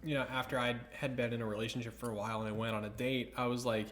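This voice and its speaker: A man's voice: medium pitch, level tone, racing, fairly bright tone. A man co-hosting a podcast, chatting casually with jokey, self-mocking quips. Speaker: podcast co-host. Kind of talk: casual chat.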